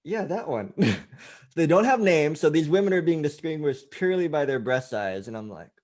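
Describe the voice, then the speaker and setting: A man's voice: on the high side, expressive, moderate pace, darkish tone. A man, a life coach, telling a self-mocking anecdote in a chatty style, full of fillers and asides. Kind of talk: casual anecdote storytelling.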